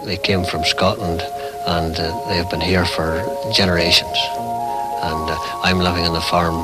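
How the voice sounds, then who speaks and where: Deep-voiced farmer, slow and hesitant interviewee, music bed loud beneath. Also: male voice, rough recording. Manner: slow, hesitant, many pauses. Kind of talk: interview talk.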